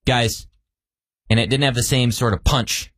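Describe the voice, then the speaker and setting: A man co-hosting a casual radio show, telling a family story with animated delivery and acted-out quotes. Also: medium pitch, brisk, no room sound, studio quality. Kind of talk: casual morning radio banter.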